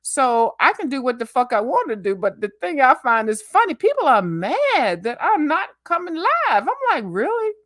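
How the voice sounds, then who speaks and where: A middle-aged woman on a live online panel, ranting loudly and cussing freely in animated chat. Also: sits high, moderate pace, few pauses, dry recording, studio quality. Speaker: YouTuber guest on a live panel. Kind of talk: profane livestream panel chat.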